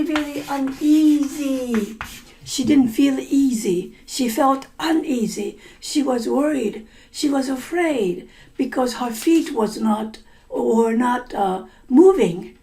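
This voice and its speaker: A woman teacher retells a folk tale to language learners, repeating key words and explaining them simply. She speaks slowly in a high voice, with faint background noise. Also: darkish tone, low-quality recording. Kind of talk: story-listening lesson, retelling a folk tale.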